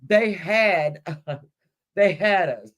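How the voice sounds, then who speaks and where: Woman reading as scared old fisherman guy, slow and dramatic. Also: fairly low pitch, lively intonation.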